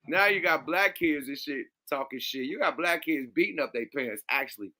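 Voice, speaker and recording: A man co-hosting a loose, profanity-heavy talk show, his voice bright and forceful and a little high. He gets loud in bursts and does shrill voices when acting out stories. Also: expressive, brisk. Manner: loud, profane, acts out voices with big pitch jumps. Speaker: podcast co-host. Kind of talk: casual chat.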